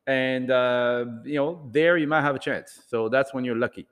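A man telling a rambling, animated story to an audience in a casual talk, acting out bits of dialogue. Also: medium pitch, moderate pace, clear, resonant tone, long reverb tail. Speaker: speaker addressing an audience.

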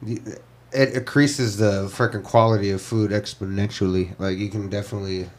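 A man chatting casually on a podcast, relaxed and earnest, with lots of fillers like "you know". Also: fairly low pitch, normal speed. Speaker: podcast guest. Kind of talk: casual chat.

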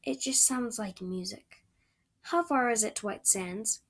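A woman's voice: fairly high pitch, a little slow, fairly bright tone. A woman voicing a chatty, dreamy eleven-year-old red-haired girl who gushes in romantic chatter. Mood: gushing, dreamy. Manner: breathless, gushing, romantic chatter.

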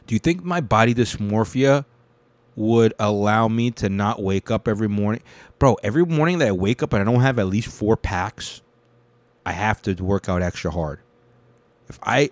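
A man's voice: on the low side, no room sound. A young man hosting a casual news commentary, rambling and swearing freely. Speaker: show host.

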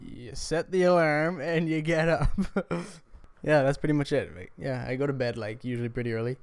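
A man chatting casually as a podcast guest, laid-back and quick to laugh, sounding a bit tired. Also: on the high side, smooth. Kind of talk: casual chat.

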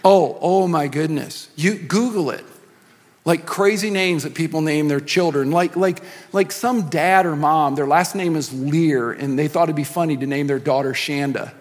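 High-voiced joking pastor in a reverberant hall. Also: male voice, moderate pace. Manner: joking, conversational, with many asides. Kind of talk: sermon. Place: large church hall.

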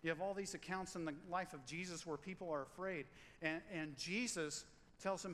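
A middle-aged man preaches a lively sermon, cracking jokes and repeating key lines for emphasis. His voice sits a little high for a man. The church hall rings with a long reverb over a faint hum of room noise. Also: normal speed. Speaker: pastor. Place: church sanctuary.

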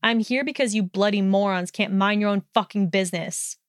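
Woman reading a snide, sneering young guy who swears a lot, smooth and dry sound. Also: mid-range voice, brisk, no echo, close to an everyday voice. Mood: snarling. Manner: snarling, contemptuous, swearing. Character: sneering hostile young man, snide bully.

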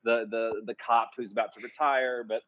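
A man's voice: medium pitch, fairly even intonation, normal speed, lo-fi sound, slight background noise. A man who writes musical theater, chatting in an interview and rambling through many restarts and fillers. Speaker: musical theater composer and lyricist. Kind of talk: casual interview chat.

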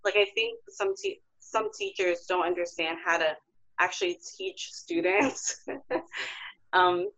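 A woman's voice: fairly low pitch, huge pitch swings, takes it slowly, a bit bright. A young woman speaking as a guest, reflective and hesitant, often searching for her words. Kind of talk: casual conversation. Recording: muffled lo-fi audio.

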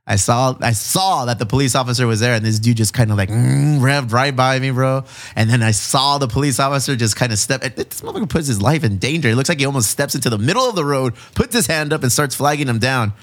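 A man, hosting a casual chat in a mid-range voice. He tells stories with animated, profane energy and throws in plenty of slang. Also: medium pitch, quick pace, few pauses. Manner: animated, profane storytelling with lots of "bro" and "dude". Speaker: podcast host.

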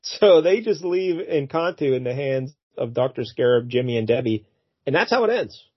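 Husky man recapping a comic. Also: mid-range voice, normal speed, no room sound. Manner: animated, puts on silly voices for characters. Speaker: podcast co-host. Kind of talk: casual chat recapping a comic. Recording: dull lo-fi dry recording.

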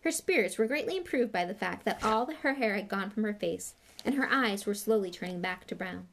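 A woman's voice: medium pitch, animated, a little fast, vocal fry, a bit bright, slight background noise. A woman reading a novel aloud in a plain way with small slips and restarts. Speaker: audiobook reader.

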